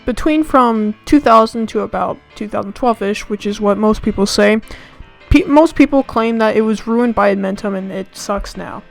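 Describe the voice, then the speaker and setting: A woman's voice: medium pitch, moderate pace, vocal fry, faint music behind, poor audio. A young woman from the United States, a student, ranting on her own channel with sarcastic, exaggerated complaints. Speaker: channel host. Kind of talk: comedic rant to camera.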